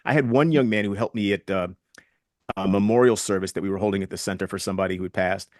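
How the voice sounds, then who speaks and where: A man's voice: deep voice, fairly even intonation, fast, a little mellow, no echo, studio quality. A man in his sixties, a guest in an interview, telling stories earnestly and reflectively and retelling past conversations. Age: 60s.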